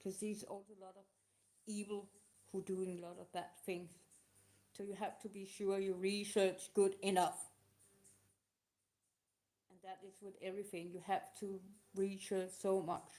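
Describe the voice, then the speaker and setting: Emotional woman answering questions, halting. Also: medium pitch, little pitch movement, mellow. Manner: halting, emotional, non-native phrasing. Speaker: live show host. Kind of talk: casual live talk answering questions.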